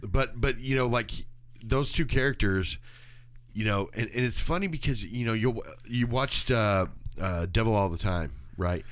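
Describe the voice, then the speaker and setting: A man's voice: medium pitch, moderate pace, dry recording. A man co-hosting a podcast in casual chat, talking hesitantly with many fillers and restarts. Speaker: podcast co-host.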